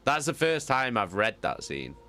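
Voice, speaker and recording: A man who reads audiobooks, chatting casually with live viewers, animated and swearing often as he repeats himself. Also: mid-range voice, normal speed, faint music behind. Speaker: audiobook reader and streamer.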